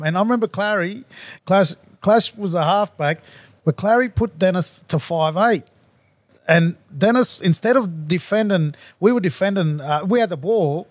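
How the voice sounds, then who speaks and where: A podcast host in full storytelling flow, animated and laughing as he goes. His voice sits a little high, and the sound is close and dry with no room around it. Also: no echo. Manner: animated yarn-spinner, laughs through stories. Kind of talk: casual storytelling chat.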